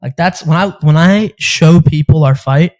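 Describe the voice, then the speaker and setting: A young man hosting a casual chat, telling animated stories, laughing often and swearing casually. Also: on the high side, moderate pace, rough recording. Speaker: podcast host and amateur fighter.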